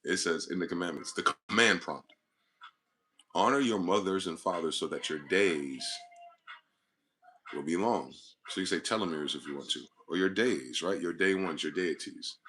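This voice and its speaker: A channel host speaks solo to camera in a meandering, foul-mouthed monologue driven by wordplay. He has a deep voice with a sharp tone and a moderate pace.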